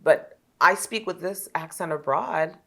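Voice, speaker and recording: Low-voiced woman with a North American accent. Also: measured pace, gravelly, bright, forceful tone. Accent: standard North American. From Jamaica. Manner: articulate, reflective, candid. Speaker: guest, travel journalist. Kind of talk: casual conversational interview.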